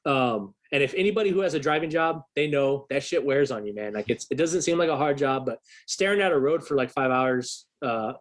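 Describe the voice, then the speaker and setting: A man guest on a podcast, a bass player, telling a story in a loose, profane, animated way with lots of fillers. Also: brisk, few pauses. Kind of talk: casual storytelling chat.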